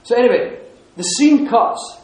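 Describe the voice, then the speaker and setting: A man telling a lively story to an audience, laughing often and restarting his sentences. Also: extremely high pitch, unhurried. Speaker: speaker giving a talk. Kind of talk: lively anecdotal talk to an audience. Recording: echoey hall.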